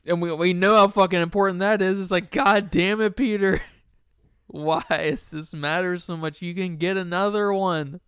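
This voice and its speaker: A man's voice: high voice, fairly even intonation, moderate pace, a bit bright, smooth, no room sound, clean studio sound. A man co-hosting a podcast, chatting casually about a film with enthusiasm and loose phrasing full of fillers. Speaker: podcast co-host.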